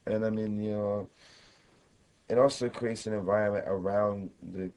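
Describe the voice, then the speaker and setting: A man in his thirties, a guest on a radio interview, talking in a reflective, halting way with many fillers. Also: fairly low pitch, steady tone, darkish tone, low-quality recording. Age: 30s. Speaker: guest musician. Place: radio studio.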